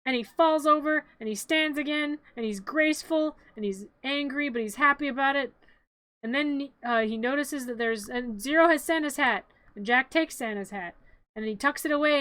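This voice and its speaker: A woman with a high, bright voice gives an animated, rambling play-by-play of a film on a casual stream, cracking jokes as she goes. The sound is dry and close. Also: a little fast, no room sound.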